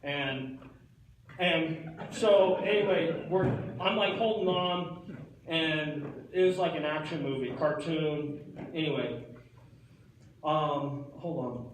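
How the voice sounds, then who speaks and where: A man's voice: a little high, slow pace, noisy background. A young man performing a comic stage monologue, rambling in slacker talk full of "like" and "dude". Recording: echoey hall picked up from far off.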